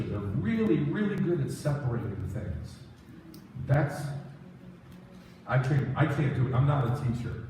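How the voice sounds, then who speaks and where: A man giving a conversational sermon as a rabbi, self-deprecating and animated, telling stories with quoted asides. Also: mid-range voice, slight background noise. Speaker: rabbi teaching a congregation. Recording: echoey hall from far off.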